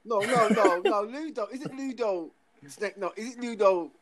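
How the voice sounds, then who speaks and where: Man, slangy, sweary, insistent, lively pitch, casual podcast chat. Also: normal speed, over a noisy crowd. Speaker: podcast co-host.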